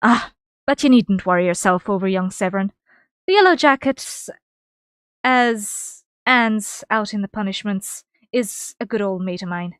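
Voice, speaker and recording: A woman voicing a jovial, roguish middle-aged male tavern keeper with an Irish-style lilt, reading game dialogue aloud loudly and heartily. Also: mid-range voice, measured pace, smooth, no room sound, studio quality, close to an everyday voice. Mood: gruff, jovial. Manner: loud, hearty and teasing.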